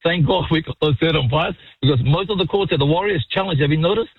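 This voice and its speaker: A New man calling into a sports radio show, excitable, swearing freely and calling everyone mate. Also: on the high side, fast talker, slightly rough, dry recording. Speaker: caller. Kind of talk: radio call-in. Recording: muffled phone-in line.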